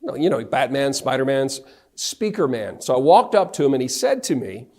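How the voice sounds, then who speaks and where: A man's voice: medium pitch, moderate pace. A middle-aged man from North Carolina, a motivational speaker telling a story on stage and acting out the dialogue. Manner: animated, acts out the dialogue of his anecdotes. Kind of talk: storytelling keynote talk.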